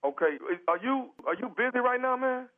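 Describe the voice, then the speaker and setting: A man's voice: extremely high pitch, lively intonation. A man playing a pushy guy stuck on the toilet, over a tinny phone. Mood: pleading. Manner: insistent, pleading, drawn-out slang. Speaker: prank caller. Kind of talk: prank phone call.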